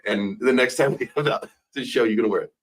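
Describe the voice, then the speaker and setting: A man's voice: medium pitch, brisk, rough recording. A man hosting a casual debate stream, joking and teasing his guest. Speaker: host.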